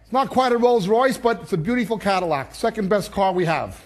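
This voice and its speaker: A man voicing a brisk Saint Peter at heaven's gate in a told joke, asking questions in a matter-of-fact way. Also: high voice, animated.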